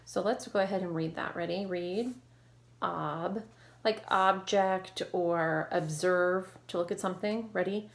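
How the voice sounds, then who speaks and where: A woman teacher leading an online phonics lesson, modeling sounds clearly and slowly and praising her students. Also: on the low side. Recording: echoey room with faint noise.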